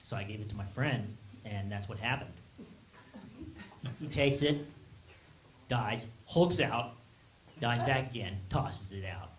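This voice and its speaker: A man doing a stand-up set on a small theater stage, talking haltingly with many ums and restarts. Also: mid-range voice. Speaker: stand-up comedian. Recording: echoey room, loud background noise. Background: audience laughter.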